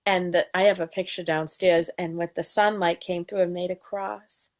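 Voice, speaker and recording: A woman with a low, gravelly voice talks casually. She tells stories and slips into the voices of the people she quotes. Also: steady tone, normal speed, a little mellow. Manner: storytelling, acts out quoted voices. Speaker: co-host. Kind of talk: casual chat.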